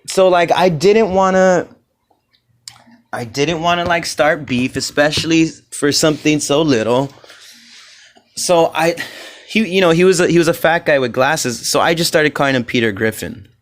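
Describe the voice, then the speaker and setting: A man alone on his own comedy podcast tells stories casually, rambling loosely and profanely while acting out the voices of people he quotes. His voice is a little high and moves at a moderate pace.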